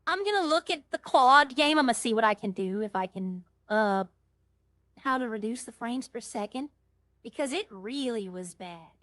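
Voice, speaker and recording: A woman streamer, her voice on the high side, talks at a normal speed with no echo. She chats casually and rambles through stories while playing a role-play game, getting animated whenever she retells something.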